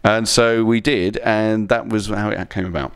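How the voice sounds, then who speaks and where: Fast, gravelly, low-voiced Englishman. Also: fairly even intonation, no room sound. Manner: rambling, self-deprecating comic anecdotes. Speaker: comedian guest. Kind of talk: casual chat show interview.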